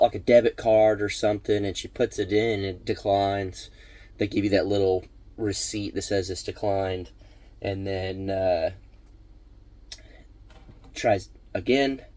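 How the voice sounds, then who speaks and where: A man's voice: lowish voice, a little mellow, no echo. A man casually telling a personal story on his vlog, rambling with many fillers and restarts. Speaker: vlog host.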